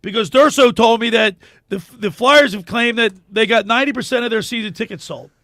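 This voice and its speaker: A man hosting a sports radio show, telling a long story in a lively, animated way. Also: very high voice, a little fast, no room sound, clean studio sound. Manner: animated storyteller, laughs at his own tales. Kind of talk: casual radio chat and storytelling.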